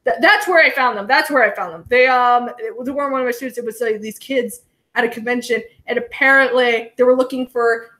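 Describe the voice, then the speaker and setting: A young adult woman, a guest on a casual podcast chat, telling stories excitedly and laughing often. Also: fairly high pitch, fairly quick.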